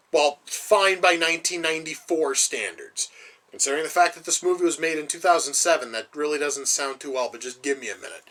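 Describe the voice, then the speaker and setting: A man's voice: on the high side, pushed and bright. A man giving a ranting, sarcastic movie review, swearing often and sounding exasperated. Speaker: film reviewer.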